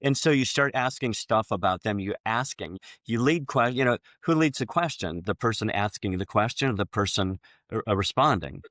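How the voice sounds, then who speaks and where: Low-voiced man telling sales stories. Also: expressive, a bit bright, no echo, studio quality. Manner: storytelling, acts out both sides of conversations; halting, many restarts. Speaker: podcast host. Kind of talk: casual podcast chat about sales.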